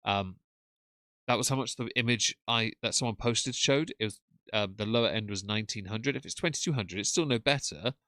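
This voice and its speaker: A man's voice: lowish voice, fairly quick, pushed and bright, no room sound, studio quality. A man hosting a casual live stream, chatting and thanking viewers for their messages. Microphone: desk mic with headphones.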